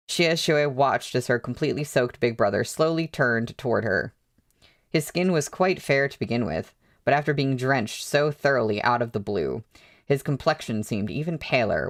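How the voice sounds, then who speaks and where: Casual male read-along host; steady narration with rambling, filler-heavy comments, mid-range voice. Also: mid-range voice. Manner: chatty, hesitant asides with fillers. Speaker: book reader.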